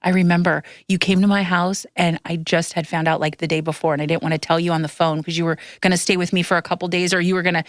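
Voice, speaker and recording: A woman's voice: lowish voice, little pitch movement, fast talker, few pauses, dry recording, clean studio sound. A woman in her thirties hosting a podcast, telling stories in a rambling, emotional way and tearing up as she talks. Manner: emotional, tearful, rambling storytelling. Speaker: podcast host. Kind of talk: casual chat. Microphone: podcast microphone.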